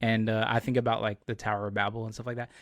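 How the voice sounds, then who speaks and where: A man's voice: fairly low pitch, little pitch movement, rapid-fire, dry recording, studio quality. A young man hosting a podcast, chatting casually and rambling as he searches for words with lots of fillers. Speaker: podcast host. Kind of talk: casual chat.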